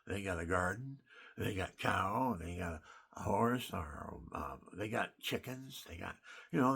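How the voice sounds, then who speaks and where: Older veteran guy, low rough voice, rambling off the cuff, keeps restarting. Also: pushed and bright. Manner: emphatic, wandering storytelling with restarts. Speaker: military veteran. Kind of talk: rambling spoken monologue.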